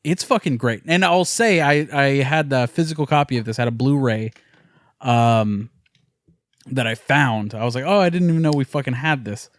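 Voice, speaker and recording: Brief: young male podcast co-host, casual and excitable, mid voice, dry close mic. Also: medium pitch, no echo. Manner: enthusiastic, swearing, quick movie recommendations. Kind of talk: casual chat.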